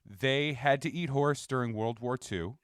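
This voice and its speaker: A man's voice: mid-range voice, measured pace, dry recording, studio quality. A male podcast co-host in casual chat, rambling through jokey tangents.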